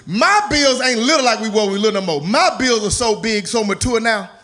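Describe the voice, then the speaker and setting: A man's voice: sits high, animated, brisk, sharp tone. A man doing a stand-up comedy set on stage, loose and playful, slipping into character voices. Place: comedy stage before a live audience.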